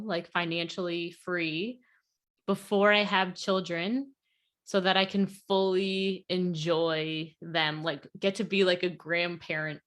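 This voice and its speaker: A woman with a slightly low voice talks in a relaxed podcast chat, earnest and full of "like" fillers. She is a coach speaking over a video call. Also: unhurried. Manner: chatty, lots of "like", earnest. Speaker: podcast guest, weight loss coach. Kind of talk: casual podcast conversation.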